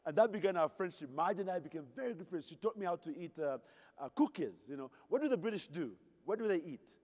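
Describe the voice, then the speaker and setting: Playful speaker in a reverberant ballroom. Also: male voice, high voice, lively intonation, fast, darkish tone. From Zaire. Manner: playful, asks the audience questions. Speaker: keynote speaker. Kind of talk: humorous storytelling speech. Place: hotel ballroom at a convention. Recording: reverberant convention hall.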